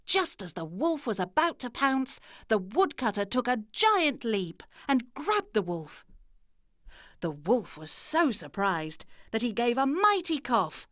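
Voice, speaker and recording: A woman narrating children's fairy tales in an expressive storytelling manner. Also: on the high side, slow, dry recording, clean studio sound.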